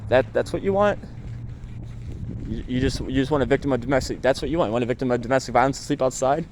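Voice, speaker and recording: A man filming himself at a shelter door, speaking haltingly and repeating words, then venting with growing agitation. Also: medium pitch, darkish tone, a little hiss or hum. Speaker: person seeking shelter. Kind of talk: filmed confrontation and venting.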